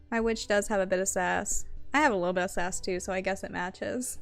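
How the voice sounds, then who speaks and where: A woman's voice: medium pitch, lively intonation, moderate pace, vocal fry, hardly any pauses, soft background music. Playful young woman streaming a game. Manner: playful, self-deprecating. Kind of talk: casual game commentary.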